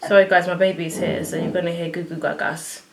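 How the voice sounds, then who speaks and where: A woman chatting to viewers as she works through a casual makeup tutorial at home, excitable and talking as she goes. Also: lowish voice, quick pace, vocal fry, a crowd in the background. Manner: chatty, excitable, talks to viewers while working. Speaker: beauty vlogger. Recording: echoey room.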